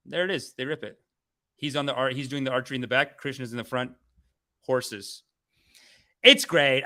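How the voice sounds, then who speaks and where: A man hosting a comedy talk stream, ranting casually, swearing, and slipping into voices. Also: mid-range voice. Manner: animated, swears, acts out voices. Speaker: comedian host.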